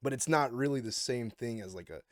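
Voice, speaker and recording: An inquisitive host who winds through his questions with restarts and casual swearing, at an ordinary male pitch. The sound is close and dry, with no room in it. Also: a little fast, dry recording. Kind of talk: casual podcast chat. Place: podcast studio.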